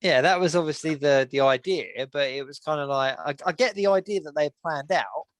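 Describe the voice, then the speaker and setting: A man's voice: fairly high pitch, fairly quick, no room sound. A man co-hosting a fan podcast, chatting casually and laughing often as he trades opinions. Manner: enthusiastic, laughs often, quotes others in voices. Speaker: podcast co-host. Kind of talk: casual chat.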